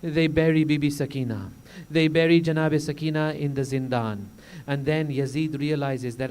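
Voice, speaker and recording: A man's voice: on the high side, normal speed, darkish tone, slight background noise. A male preacher delivering a mourning sermon, recounting the story solemnly and rising into impassioned cries.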